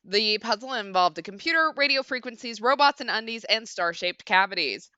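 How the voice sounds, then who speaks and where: Bright, crisp-voiced woman streamer. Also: a little high, expressive, a little fast, no echo. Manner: chatty, swears casually, lots of fillers. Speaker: game streamer. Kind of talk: casual let's-play commentary. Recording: dull lo-fi stream mic.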